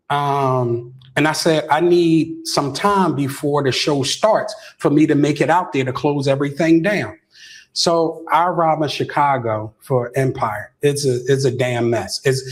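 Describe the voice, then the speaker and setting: A middle-aged man with a fairly high voice tells a dramatic story as an interview guest. He stammers through restarts and keeps asking "right?" He raises his voice higher still when quoting other people. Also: measured pace.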